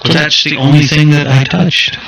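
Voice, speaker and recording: A man's voice: on the high side, steady tone, normal speed, creaky, a bit bright, slight background noise, low-quality recording. A male podcast co-host in casual chat who chimes in with short, dry remarks.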